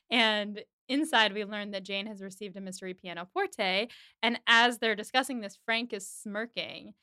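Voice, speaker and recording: Bright, crisp woman recapping casually. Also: medium pitch, unhurried, dry recording, studio quality. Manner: chatty retelling, heavy use of "like".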